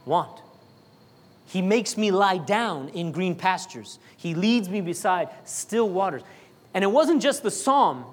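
A man preaching a sermon, talking to the congregation in a chatty way, full of jokes and asides. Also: high voice. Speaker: pastor.

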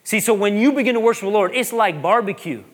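A man, a pastor preaching a sermon, animated and joking, repeating phrases for emphasis. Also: sits high, fast.

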